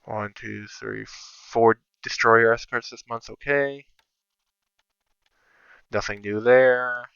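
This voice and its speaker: A man's voice: medium pitch, fairly even intonation, takes it slowly, creaky, long pauses, fairly bright tone, smooth, dry recording, muffled recording. A man giving casual, think-aloud commentary over his own strategy game, sometimes counting under his breath. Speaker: strategy game video creator.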